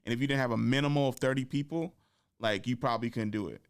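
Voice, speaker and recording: Male podcast host and comic, smooth clean voice, mid pitch, animated storyteller who acts out quotes. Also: quick pace. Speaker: podcast host and stand-up comedian. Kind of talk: casual storytelling chat.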